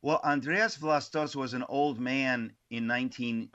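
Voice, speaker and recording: A man guest on an interview show, telling stories from his life in a lively way with many restarts. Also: mid-range voice, measured pace, highs cut off. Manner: animated, many restarts and asides. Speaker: author guest. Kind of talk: casual interview storytelling.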